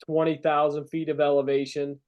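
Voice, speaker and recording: Measured, musing podcast man. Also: fairly high pitch, flat delivery, a little mellow, clear, resonant tone, dull audio. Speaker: podcast co-host. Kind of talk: casual review chat.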